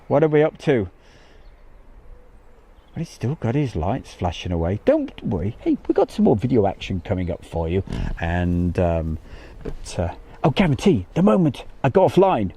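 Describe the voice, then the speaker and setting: English guy chatting live outside, lively up and down pitch, mellow dark tone, laughs a lot. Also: no echo. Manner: chatty, reads out viewer comments, laughs easily. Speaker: livestream host. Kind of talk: casual livestream chat. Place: outdoors near an airfield.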